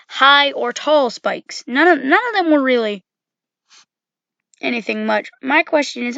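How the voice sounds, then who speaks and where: A woman's voice: fairly high pitch, gravelly, fairly bright tone, no echo, lo-fi sound. A woman giving casual, rambling game commentary, full of fillers and self-corrections.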